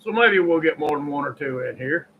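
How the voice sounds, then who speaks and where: An older man with a Kentucky drawl, talking in a rambling, folksy monologue and clearing his throat often. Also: on the high side, expressive, fairly quick, phone-quality sound, a little hiss or hum. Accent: Southern US (Kentucky). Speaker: YouTube preacher and storyteller. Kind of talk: casual monologue.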